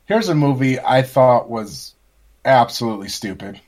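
Man, podcast host, blunt, profane, animated ranting, casual chat. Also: mid-range voice, normal speed.

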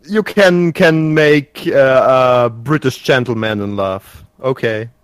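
A man's voice: mid-range voice, slow pace, clear, resonant tone, no room sound. A man co-hosting a podcast and running a party game, teasing and giggly in casual chat.

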